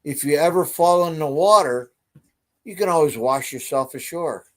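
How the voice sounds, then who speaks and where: A man's voice: on the high side, normal speed. A man co-hosting a humor show, delivering dry punning one-liners. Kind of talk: casual joke-telling chat.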